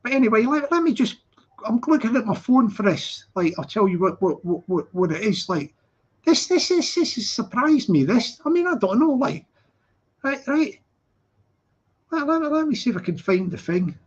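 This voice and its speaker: A man's voice: very high voice, sing-song, moderate pace, slightly rough. A man hosting a casual live stream, rambling and repeating words as he restarts his sentences. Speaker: channel host. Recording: slightly dull lo-fi audio.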